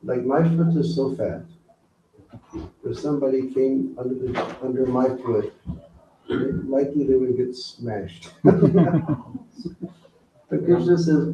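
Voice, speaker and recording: Slow-speaking man preaching in a roomy hall. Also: medium pitch, dark tone, a little hiss or hum. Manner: slow, unhurried teaching with audience questions. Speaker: swami giving a spiritual talk. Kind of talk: sermon. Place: temple hall with audience. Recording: roomy, distant, dull hall recording.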